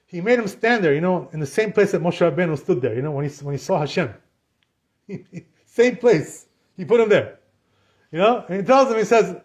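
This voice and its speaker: Rabbi, man, high-pitched; lively storyteller who acts out the dialogue. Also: normal speed. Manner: animated retelling, acts out dialogue, frequent "you know". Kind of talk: storytelling Torah class.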